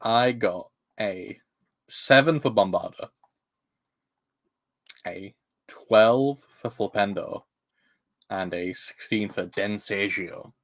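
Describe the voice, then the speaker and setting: A man's voice: on the low side, slow pace, long pauses, fairly bright tone. A British man playing in a tabletop game, chatting casually with dry, understated humour. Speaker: player. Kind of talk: casual chat.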